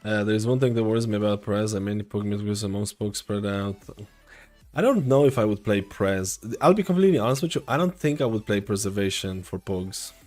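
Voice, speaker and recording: A man's voice: fairly low pitch, moderate pace, a little mellow. A young man streaming live, answering viewer questions in a loose, rambling, chatty way. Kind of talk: casual live-stream chat. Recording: faint music behind.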